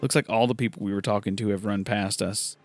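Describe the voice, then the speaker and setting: A man's voice: lowish voice, steady tone, fast, soft background music. A man casually talking through a video game, chatty and enthusiastic as he retells what the characters say. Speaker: gameplay commentator. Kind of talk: casual let's-play commentary.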